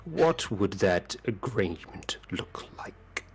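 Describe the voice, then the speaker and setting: A man voicing a stern, weary goatman clan leader who speaks slowly and gravely, dropping into half-whispers. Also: sits low, very animated, faint music behind, exaggerated voice.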